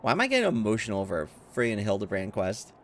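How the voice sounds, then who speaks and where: A man streaming his reaction to a game, excitable and quick to exclaim, often laughing. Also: on the low side, slight background noise. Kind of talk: casual video game reaction.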